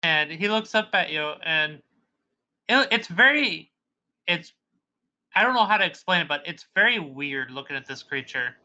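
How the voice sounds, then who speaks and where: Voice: mid-range voice, expressive, moderate pace, bright, forceful tone, highs cut off. A game master who narrates a tabletop game in a casual, rambling way, stumbling often over descriptions. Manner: casual and rambling, with many fillers.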